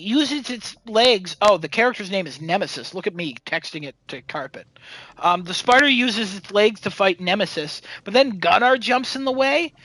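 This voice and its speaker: A man's voice: high voice, bright, forceful tone, no room sound, poor audio. A man hosting a casual chat show, recapping a movie in a rambling, sarcastic way with lots of fillers and swearing. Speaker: podcast host.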